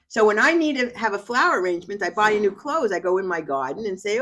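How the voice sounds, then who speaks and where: At medium pitch and a quick pace, an older woman, a grandmother, chats casually at home as a podcast guest. Her humorous, boastful stories come out lively and she laughs often.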